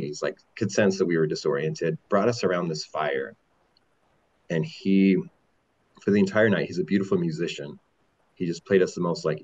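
Man, 40s, deep husky voice, candid rambling storyteller with lots of restarts, dull lo-fi sound. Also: a little mellow. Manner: rambling, halting with repeated restarts. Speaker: podcast guest.

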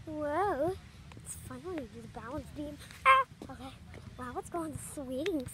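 A woman voicing an excitable, clumsy young girl at a playground, chattering through everything she does and yelping when she tumbles. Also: high-pitched, moderate pace. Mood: chatty. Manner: chatty running self-commentary, squealing and yelping. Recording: noisy background.

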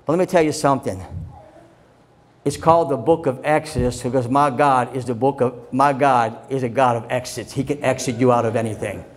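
A pastor preaching an impassioned sermon, dropping to low murmurs and then rising to shouts, leading the congregation in call and response. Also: male voice, fairly even intonation, brisk.

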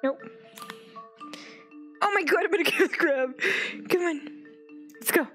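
A woman's voice: very high-pitched, a little slow, fairly bright tone, soft background music. A young woman commenting on a game, gasping, squealing and talking baby-talk to the animals. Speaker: gaming video creator. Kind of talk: excited gameplay commentary.

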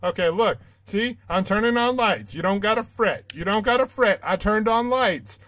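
Young guy yelling and cussing through a horror game, high bright voice, rambles and argues with the screen. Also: moderate pace, few pauses, slight background noise. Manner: jumpy, swearing, rambling, talks back to the game. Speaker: let's play gamer.

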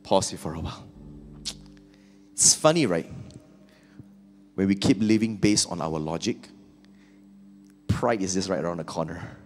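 A man's voice: low voice, unhurried, pauses often, faint music behind. Earnest male pastor. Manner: earnest, reflective, rhetorical questions. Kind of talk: sermon with scripture reading.

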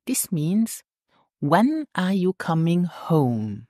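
A woman teaching a language lesson in a patient, deliberate way, often checking in with the listener. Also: sits low, big pitch swings, a little mellow, no room sound, clean studio sound. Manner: patient, slow and deliberate, checks in with "hmm?" and "okay?".

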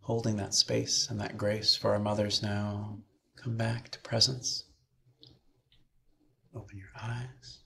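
A man minister leading a slow, soothing guided meditation with breathing cues, then speaking to a chapel congregation. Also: fairly low pitch, little pitch movement, creaky, bright, forceful tone.

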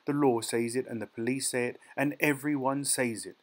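A man's voice: medium pitch, fairly even intonation, moderate pace, close to an everyday voice. A man voicing a small, bullied teenage boy who speaks up earnestly and defiantly, in an audiobook reading. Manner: earnest, pleading then defiant.

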